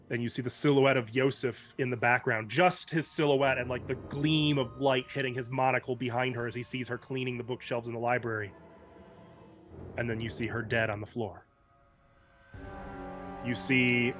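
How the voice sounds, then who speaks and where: A man as game master, narrating a dark tabletop scene in measured, descriptive storytelling. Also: mid-range voice.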